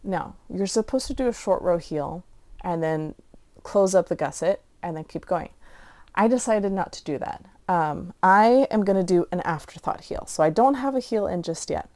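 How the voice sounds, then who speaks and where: Woman, middle-aged, knitting podcast host, casual rambling chat, slightly low voice. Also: animated, normal speed, darkish tone. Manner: chatty, rambling, self-deprecating. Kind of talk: casual show-and-tell chat.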